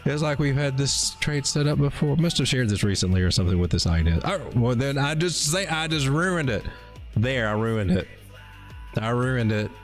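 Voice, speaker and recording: Man, casual livestream host, joking and rambling, mid-pitched voice, faint music behind. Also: lively intonation, moderate pace. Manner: jokey, rambling, playful innuendo and dad jokes. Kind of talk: casual live market analysis.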